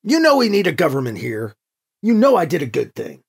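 A reader voicing Alibi, a brash young male leader who answers with sarcastic, quick retorts. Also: a little high, huge pitch swings, gravelly, slightly rough, full character voice. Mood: irritated.

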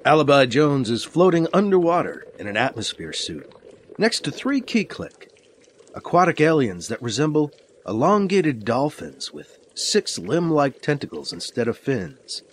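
A man narrating a science-fiction radio drama with a clear storytelling delivery. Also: a little high, very animated, a little slow, slight background noise.

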